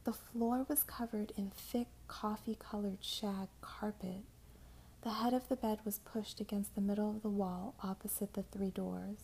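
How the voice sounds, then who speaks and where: Soft-whispering woman narrator, gravelly. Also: medium pitch, steady tone, unhurried, slight background noise. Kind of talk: whispered story reading.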